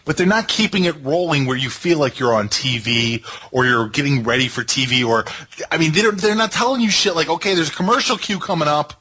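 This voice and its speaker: A man co-hosting a casual wrestling review, ranting in a sarcastic, animated way. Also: mid-range voice, a little fast, slightly rough. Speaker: podcast co-host.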